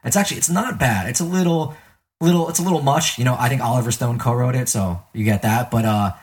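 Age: adult. Sex: man. Style: chatty, halting podcast banter. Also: medium pitch. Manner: chatty, halting, repeats words. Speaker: podcast co-host. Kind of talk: casual chat.

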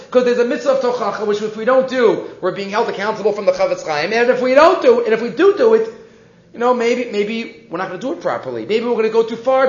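A man teaching a Torah class, reading verses aloud and explaining them with animated rhetorical questions. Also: very high-pitched. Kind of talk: Torah lecture mixing Hebrew texts and English. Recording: echoey, dull lo-fi room recording.

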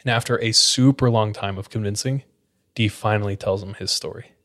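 A podcast host with a fairly low, fairly quick male voice casually retells a spooky account. His relaxed storytelling leans heavily on "like" as a filler.

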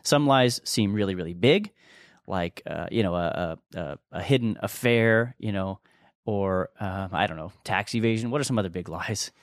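A podcast co-host with a voice on the low side explains things in a relaxed, conversational teaching style at normal speed. He's earnest and rambling, often restarting and chuckling, and the recording is dry and clean, from a studio.

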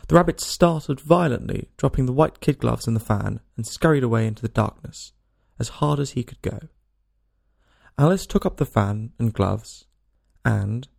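A man narrating a storybook in an expressive, lilting way. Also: medium pitch, creaky, no echo, clean studio sound. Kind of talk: storybook reading.

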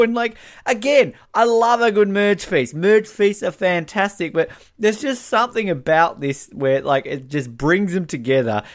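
Chatty man, rambling and animated. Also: high voice. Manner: rambling, animated, swearing, many fillers. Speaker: podcast co-host. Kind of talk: casual recap chat.

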